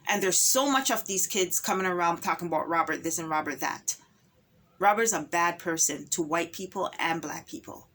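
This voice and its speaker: A woman's voice: on the low side, normal speed, fairly bright tone. A woman speaking an impassioned personal monologue, emphatic and repetitive, full of rhetorical questions.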